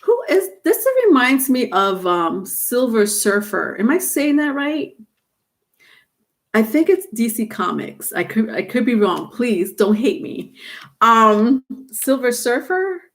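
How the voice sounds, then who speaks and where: A woman's voice: on the high side, expressive, slow pace. A woman giving a live-streamed tarot reading, rambling with many fillers and restarts. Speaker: tarot reader.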